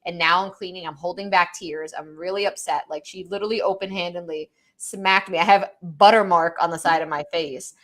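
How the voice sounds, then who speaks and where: A woman's voice: on the low side, fairly even intonation, brisk, few pauses, a bit bright. A young woman co-hosting a casual podcast, telling a parenting story with many "like"s and quoted lines. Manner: storytelling, quoting her toddler with lots of "like". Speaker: podcast co-host. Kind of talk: casual chat.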